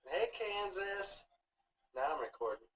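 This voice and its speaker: A woman filming her toddler at home, gently coaxing the child to count and talk. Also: medium pitch, big pitch swings, unhurried. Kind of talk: home video chat. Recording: roomy home video from far off.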